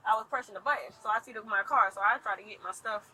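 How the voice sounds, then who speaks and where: A woman rapidly retelling events to a police officer, animated, acting out what others said. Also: medium pitch, crowd noise, low-quality recording. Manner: rapid, animated storytelling with quoted dialogue. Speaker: complainant talking to police. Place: outdoors at an impound lot. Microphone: police bodycam.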